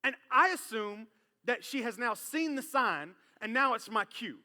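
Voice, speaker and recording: A man preaching from a church stage in a high, bright voice. He is animated and acts out the voices of the people in his story. His words ring with a long reverb through the hall. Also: a little slow. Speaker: pastor. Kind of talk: sermon with personal storytelling. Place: church sanctuary.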